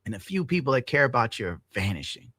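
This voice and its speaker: A young man on a live stream, venting in a bitter, profane rant. His voice is bright and forceful, with a dry, close sound and no room around it. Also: mid-range voice, big pitch swings, quick pace, slightly rough, no room sound. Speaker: streamer reacting to a clip. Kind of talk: ranting live-stream commentary.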